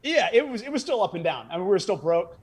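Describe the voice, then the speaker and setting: Male stand-up guest, slightly higher voice, quick joke-telling storyteller. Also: big pitch swings, breathy edge. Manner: rapid joke-telling, acting out dialogue. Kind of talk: storytelling in casual chat.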